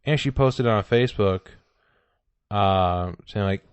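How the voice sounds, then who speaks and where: A man's voice: fairly low pitch, slow pace, clear, resonant tone, dry recording. A man hosting a comedy podcast, telling a rambling, joking story full of "like". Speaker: podcast host. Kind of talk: casual comedy chat.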